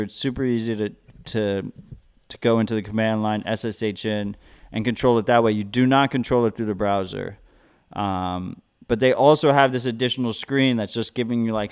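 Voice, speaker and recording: A man's voice: lowish voice, smooth. A man co-hosting a podcast, explaining tech in a loose, casual way with lots of "like". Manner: loose and casual, heavy on fillers like "like". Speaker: podcast co-host.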